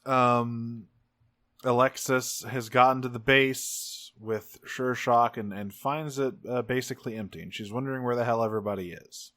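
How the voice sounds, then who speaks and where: A man co-hosting a podcast, recapping an episode in a rambling, profane, animated way. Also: medium pitch, normal speed, no room sound, clean studio sound. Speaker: podcast co-host. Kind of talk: casual episode recap chat.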